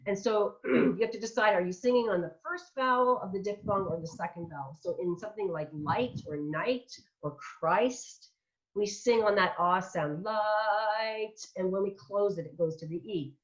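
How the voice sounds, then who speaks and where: A woman's voice: mid-range voice, moderate pace. A middle-aged woman giving a vocal masterclass, chatty and demonstrative, who sounds out example words as she explains. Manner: chatty, warm teaching asides. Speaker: vocal coach. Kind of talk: online masterclass teaching. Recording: dull lo-fi online audio.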